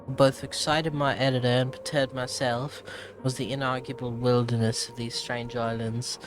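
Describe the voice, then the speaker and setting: A man's voice: mid-range voice, level tone, normal speed, natural voice. A man reading aloud in a put-on British accent as a reluctant female travel writer, theatrical and stumbling over words. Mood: wry. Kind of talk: reading in-game text aloud. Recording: game music underneath.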